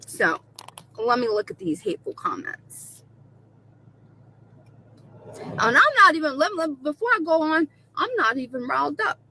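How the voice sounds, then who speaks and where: A woman with a high, bright and sharp voice rants to camera. She swears freely and mocks her critics, staying defiant throughout. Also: big pitch swings, measured pace, long pauses, a little hiss or hum, poor audio. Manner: profane, mocking and defiant. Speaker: video creator being reacted to. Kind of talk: angry rant to camera.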